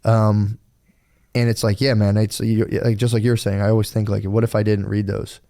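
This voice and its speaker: With a dark, lowish voice and flat delivery at a moderate pace, this podcast co-host rambles casually about things he's been through. He swears freely and quotes himself using different voices.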